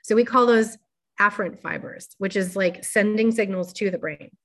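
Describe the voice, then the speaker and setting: Woman explaining in a careful, gentle talk. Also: medium pitch, normal speed. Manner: careful, gently paced explaining with frequent fillers. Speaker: presenter teaching a workshop.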